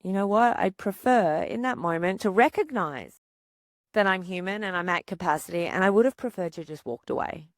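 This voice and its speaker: A woman psychologist hosting a podcast, calmly coaching parents and asking rhetorical questions. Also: medium pitch, moderate pace, dry recording, clean studio sound. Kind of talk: podcast monologue giving parenting advice.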